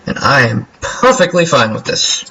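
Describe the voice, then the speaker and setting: Young male gamer, husky voice, playful running commentary on his own match. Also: medium pitch, lively intonation, moderate pace, sharp tone, highs cut off. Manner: playful, jokey, talks to himself while playing. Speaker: gameplay commentator. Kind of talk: casual game commentary.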